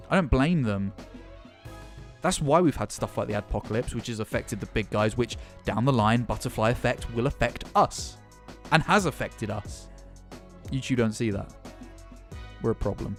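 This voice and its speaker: A man delivering an angry, impassioned vlog rant as a gaming YouTuber, sarcastic and swearing often. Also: medium pitch. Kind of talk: ranting vlog commentary.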